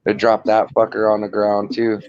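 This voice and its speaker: A man's voice: on the low side, monotone, normal speed, darkish tone. A man in casual chat, reminiscing in a laid-back, swearing way. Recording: dull lo-fi sound.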